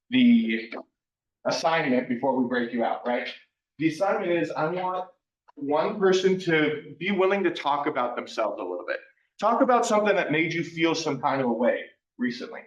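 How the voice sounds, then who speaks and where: Man lecturing in an echoey classroom. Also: medium pitch. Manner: conversational, ends phrases with a questioning "right?". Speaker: workshop presenter. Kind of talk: live workshop lecture. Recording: distant roomy lo-fi classroom recording.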